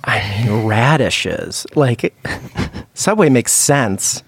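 A man's voice: medium pitch, big pitch swings, very slow, creaky, husky, no echo. A man guessing answers on a casual podcast game, laughing and riffing as he goes. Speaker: podcast panelist.

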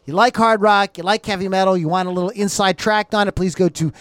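A man's voice: high-pitched, fairly even intonation, quick pace, a bit bright, clear, resonant tone, dry recording. A man hosting a rock podcast in a loose, rambling, jokey way. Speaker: podcast host. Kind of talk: casual chat.

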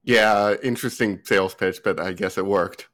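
A man's voice: fairly low pitch, steady tone, moderate pace, a bit bright. A man co-hosting a podcast, reacting with dry, incredulous comments. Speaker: podcast co-host. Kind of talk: casual game discussion.

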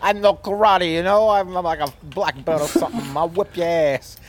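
A man voicing a boastful, swaggering Chicago tough guy, pitched up and loud, with a Chicago accent. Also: steady tone, moderate pace, background noise, lightly acted. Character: brash loudmouth male Chicago tough guy.

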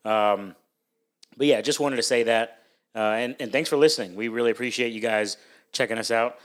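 A man hosts a casual podcast with a middle-pitched voice. He is upbeat and loose, and he laughs often as he steers the conversation. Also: normal speed. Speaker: podcast host.

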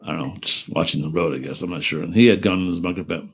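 A fast-talking older veteran with a low voice and a breathy edge shares war stories in an oral history interview. He's rambling and profane, often trailing off and starting over, and laughs through grim memories.

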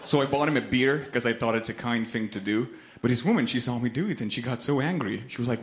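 A young man from Lithuania with a Lithuanian accent performing a stand-up comedy set on a club stage, deadpan and laughing at his own punchlines. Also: medium pitch, fast, few pauses, a little hiss or hum.

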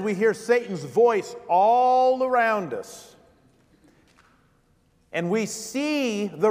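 A man's voice: high-pitched, long reverb tail. A man preaching a sermon as vicar, driving points home with repeated rhetorical questions.

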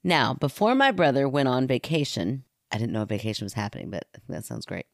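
A woman's voice: extremely low pitch, expressive, a little fast, creaky, no echo, clean studio sound. Playful woman co-hosting a podcast. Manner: playful, laughing, teasing. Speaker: podcast co-host. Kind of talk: casual chat, reading listener stories.

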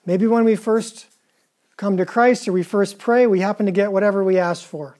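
Preacher, mellow tone, retells scripture casually and keeps asking the room questions. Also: mid-range voice, steady tone, normal speed. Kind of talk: conversational sermon.

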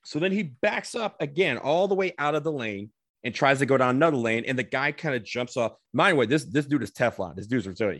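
A man telling a comedic personal anecdote, animated, swearing casually and acting out what people said. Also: medium pitch, no echo, clean studio sound.

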